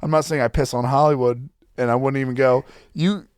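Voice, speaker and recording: A man's voice: medium pitch, steady tone, fast talker, clean tone, no echo. A man hosting a podcast in casual banter, swearing a lot and joking boastfully, in a studio. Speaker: podcast host.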